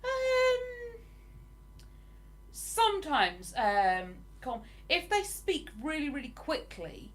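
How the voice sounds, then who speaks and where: A woman's voice: high voice, very animated, slow pace, hardly any pauses, a bit bright. Chatty southern English woman. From England (Hertfordshire). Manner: chatty and enthusiastic, laughs often. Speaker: livestream host. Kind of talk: casual live chat, reading viewer comments.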